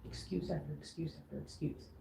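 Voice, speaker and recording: A woman's voice: low voice, steady tone, fairly quick, creaky, noisy background. A young woman venting on a casual vlog, frustrated and swearing freely as she mimics her roommate. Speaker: vlogger. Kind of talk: venting to camera.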